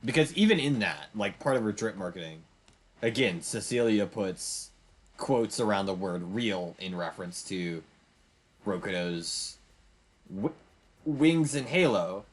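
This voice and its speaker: A man's voice: fairly low pitch, lively intonation, measured pace, slightly rough. A young man streaming a game, giving a rambling, emphatic commentary with frequent restarts. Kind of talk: casual gameplay commentary.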